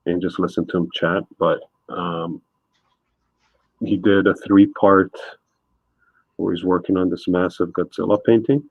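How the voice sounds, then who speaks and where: This streaming artist chats with a guest while painting, laid-back and rambling with plenty of fillers. His husky, low voice holds a steady tone, a little slow with frequent pauses, in a dry, tinny phone-like recording without echo.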